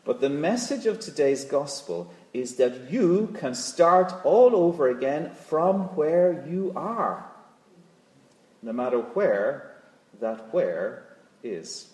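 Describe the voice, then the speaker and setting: Preacher, male, lively sermon delivery with rhythmic repeats, echoey church. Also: fairly high pitch, takes it slowly. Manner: rhythmic repetition of key phrases; expressive, rising and dropping to a hush.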